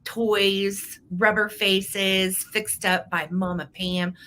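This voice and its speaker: A woman's voice: medium pitch, flat delivery, drawn-out words, bright, forceful tone, slight background noise. A woman hosting a live vintage sale, chatting casually and greeting viewers by name in an upbeat way. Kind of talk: casual livestream chat.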